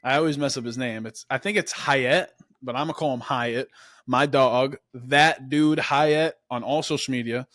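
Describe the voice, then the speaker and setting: A man's voice: mid-range voice, fairly even intonation, normal speed, fairly bright tone, no room sound, clean studio sound. A young man hosting a podcast, telling his story in a casual, laid-back way, often saying "man" and "dude". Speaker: podcast host.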